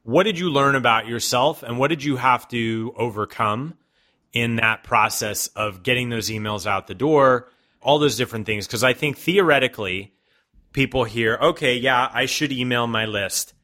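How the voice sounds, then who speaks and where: A man's voice: medium pitch, moderate pace, bright, forceful tone. An American man hosting a podcast, joking and teasing his guests before asking them questions. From United States. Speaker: podcast host. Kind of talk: casual podcast chat.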